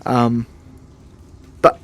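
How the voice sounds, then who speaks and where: A man playing in a tabletop role-playing game, thinking aloud and hesitating. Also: very slow. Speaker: player. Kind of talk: casual tabletop game chat.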